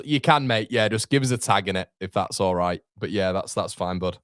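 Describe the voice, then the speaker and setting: A young man hosting a live football watchalong, excitable and sweary, chatting to his viewers. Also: on the low side, moderate pace, hardly any pauses, dry recording, clean studio sound. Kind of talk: live match reaction.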